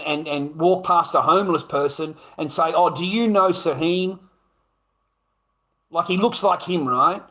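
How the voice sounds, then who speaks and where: A man's voice: sits high, a bit bright. A man, talking straight to his viewers in a live stream. He rambles bluntly, swears constantly and laughs often as he goes along. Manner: blunt, heavily profane, rambling with frequent laughs.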